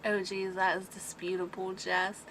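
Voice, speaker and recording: A woman's voice: medium pitch, level tone, a little slow, a bit bright, slight background noise. A woman hosting a casual livestream, chatting with viewers, telling stories and reading comments aloud, laughing often. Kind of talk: casual chat.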